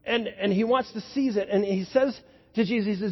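A pastor delivers an animated sermon in a fairly high, husky voice. It sounds dull and lo-fi, with long echo from a large church hall. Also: male voice, fairly quick. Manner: animated storytelling, building to excited peaks.

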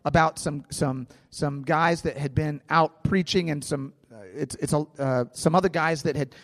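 Male pastor, conversational sermon, fairly high voice, long hall echo. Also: fairly even intonation, moderate pace. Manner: conversational preaching with anecdotes and restarts.

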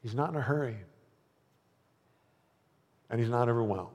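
A man's voice: mid-range voice, normal speed, a little mellow. A man preaching a sermon as pastor in a church, earnest and conversational, with frequent fillers and restarts. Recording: long reverb of a church hall.

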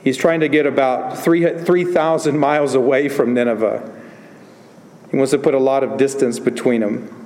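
A man's voice: mid-range voice, fairly even intonation, moderate pace, darkish tone, big-room sound. A pastor preaching a sermon, earnest and building in emphasis as he retells a story.

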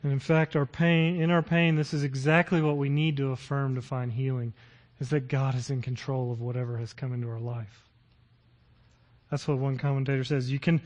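Middle-aged male pastor, fairly high voice, earnest sermon delivery that swells into fervent scripture reading. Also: fairly bright tone.

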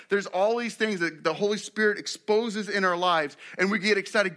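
A man preaching a sermon as pastor, animated, acting out quotes with sudden rises and drops in loudness. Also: high-pitched, moderate pace.

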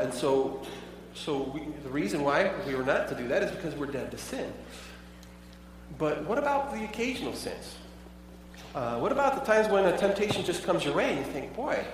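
A pastor preaches a sermon conversationally, putting many rhetorical questions to his listeners. His voice sits on the high side and sounds far off in an echoey hall, with a little hiss or hum.

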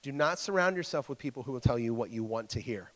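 A man's voice: medium pitch, expressive, quick pace, fairly bright tone, big-room sound. A man preaching a casual sermon to a church group. He stumbles over his words, repeats himself and keeps checking in with the listeners.

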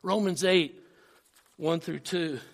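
A man with a high, light voice delivers a Sunday sermon in a church. He tells his story with many restarts and climbs into fervor when he quotes a speech. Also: takes it slowly, vocal fry. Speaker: preacher.

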